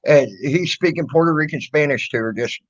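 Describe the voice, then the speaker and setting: A man's voice: on the high side, a little fast. A man telling stories in casual chat, acting out what people said to him. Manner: animated, quotes people in raised voices. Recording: dull lo-fi audio.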